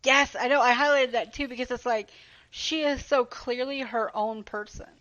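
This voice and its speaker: A woman's voice: fairly high pitch, steady tone, moderate pace, fairly bright tone, highs cut off. A woman guest on a podcast, chatting casually about a book and reading passages aloud. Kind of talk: casual book discussion chat.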